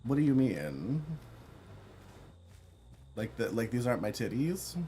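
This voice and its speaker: A man with a fairly low voice streams a game at a moderate pace, pausing often. He chats casually and campily with viewers, reading chat aloud, laughing often and yelling when excited, with a little hiss or hum in the audio.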